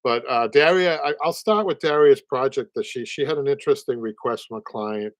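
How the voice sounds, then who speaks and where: Hosting a live upholstery show, this Boston-area man in his sixties talks in a loose, rambling way, laughing a lot and repeating himself in casual chat with his Boston accent. His medium-pitched voice runs a little fast, with no echo.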